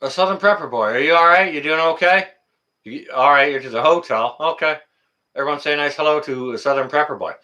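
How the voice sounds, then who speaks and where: A man's voice: on the high side, fairly quick, sharp tone, dull audio. A man hosting a casual livestream, talking to viewers in the chat by name and ranting indignantly, often repeating his phrases. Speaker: livestream host.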